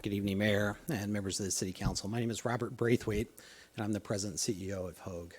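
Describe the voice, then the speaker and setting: Formal husky-voiced hospital executive. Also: male voice, fairly low pitch, steady tone, quick pace. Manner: formal, confident. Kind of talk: prepared public statement.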